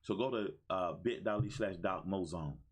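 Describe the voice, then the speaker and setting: A man in his fifties gives an exuberant motivational talk over a livestream, using a preacher-like call-and-response style. His voice is deep and his pace moderate, recorded on a phone with background noise.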